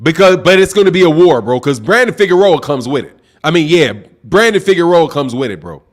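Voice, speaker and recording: A man hosting a live-stream boxing talk show, loud and excitable, projecting his voice and saying "bro" a lot while reading viewer super chats. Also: on the high side, fairly quick. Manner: reads super chats aloud. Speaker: boxing channel host. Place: home live stream, sipping drinks.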